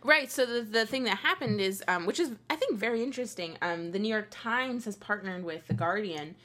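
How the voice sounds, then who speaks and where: A woman co-hosting a casual chat show, sarcastic and quick to laugh. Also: medium pitch, lively intonation, bright, forceful tone. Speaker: co-host.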